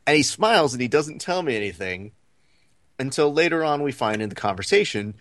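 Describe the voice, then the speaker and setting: A man's voice: mid-range voice, a little fast, no room sound, studio quality. A man co-hosting a podcast, telling a story casually and acting out the lines of the people in it. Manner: animated storyteller, acts out quoted lines. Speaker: podcast co-host.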